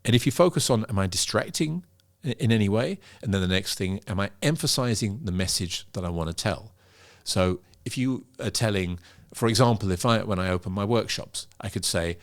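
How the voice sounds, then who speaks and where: A middle-aged man, a pitch coach, explaining in an interview and demonstrating vocal emphasis. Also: a little fast. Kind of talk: interview conversation.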